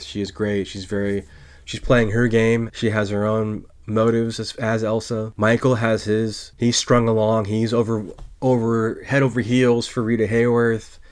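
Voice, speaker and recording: A man's voice: lowish voice, little pitch movement, moderate pace. A man hosting a podcast, giving a casual spoken film review and explaining step by step with small restarts. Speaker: podcast host reviewing films.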